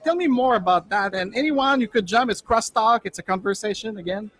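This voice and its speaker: A man's voice: high voice, brisk, fairly bright tone, dry recording. A man hosting a live panel, jovially inviting guests to jump in. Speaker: host. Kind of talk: casual panel moderation.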